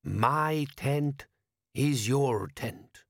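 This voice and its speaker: A man putting on a slow, solemn desert wise man. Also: mid-range voice, no echo, clean studio sound, voice pushed up. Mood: stately. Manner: very slow, stately, measured phrasing. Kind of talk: audiobook character voice.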